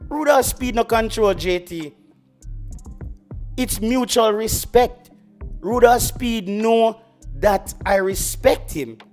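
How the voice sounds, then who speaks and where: High-voiced Jamaican man ranting. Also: takes it slowly, pauses often, faint music behind. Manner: boastful, ranting, slips into patois. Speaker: football YouTube host. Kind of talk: heated livestream football rant.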